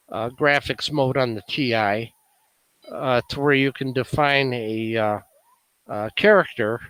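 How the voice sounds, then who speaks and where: Chicago man demoing old software at a club meeting, relaxed and halting, mid pitch. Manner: musing aloud, many "uh" fillers. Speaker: meeting presenter. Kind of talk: casual demonstration talk.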